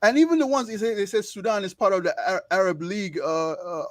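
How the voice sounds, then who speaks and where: Passionate young Nigerian man, high voice. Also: fast, dry recording, clean studio sound. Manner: passionate, emphatic, repeats words to drive points. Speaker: interview guest, medical student. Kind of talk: casual interview conversation.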